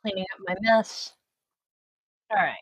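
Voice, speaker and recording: A woman's voice: medium pitch, measured pace, no room sound, poor audio. A woman talks to her viewers in an easygoing, self-deprecating way as she gets a tarot reading ready. She sounds sleepy and groggy, and she takes her time with her words. The recording is dry, with no room sound. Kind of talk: casual chat to viewers.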